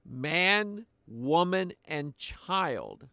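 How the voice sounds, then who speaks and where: Slow, deliberate older male preacher. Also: a little high, sing-song, pushed and bright, clean tone, no room sound, clean studio sound. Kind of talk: sermon.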